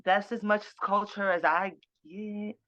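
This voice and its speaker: A woman's voice: medium pitch, a little slow. Playful, joking woman on a dull lo-fi recording. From Boston. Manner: animated, playful, jokey, frequent restarts. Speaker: musician guest. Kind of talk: casual interview chat.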